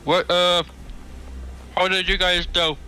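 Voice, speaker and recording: A man's voice: high-pitched, level tone, slow, sharp tone, faint music behind, low-quality recording. A man playing in a tabletop game, talking casually and hesitantly, often asking questions. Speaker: player.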